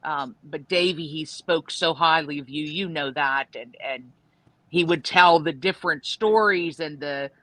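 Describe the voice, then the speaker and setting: A guest sharing memories in casual chat, earnest and hesitant with many pauses. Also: medium pitch, pushed and bright, no room sound, rough recording.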